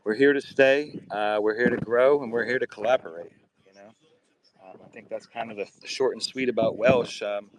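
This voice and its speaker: A man's voice: medium pitch, normal speed, background noise. A man chatting casually as a guest from a boat outdoors, laid-back with many ums. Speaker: guest community member. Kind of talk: casual chat.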